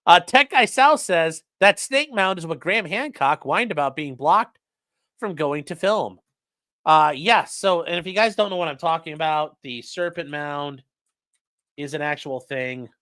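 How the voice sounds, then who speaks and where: A man's voice: fairly high pitch, lively intonation, measured pace, bright, forceful tone, dry recording. A man live-streaming and reading viewer chat aloud, rambling casually with lots of fillers and swearing.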